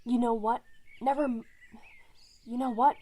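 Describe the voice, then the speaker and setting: A woman voicing a gruff, short-tempered male cat clan leader who snarls out commands, read slowly. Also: a little high, steady tone, dark tone, far from the mic, slight background noise, natural voice. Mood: brusque.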